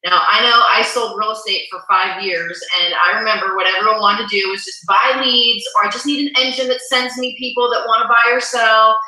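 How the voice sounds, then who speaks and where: A woman with a slightly high, very bright, sharp voice, upbeat and instructive as she guides listeners step by step. The sound bounces heavily around a very echoey room. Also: steady tone, brisk, hardly any pauses. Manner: upbeat, instructive, walks listeners through steps. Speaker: real estate coach. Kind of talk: live town hall talk.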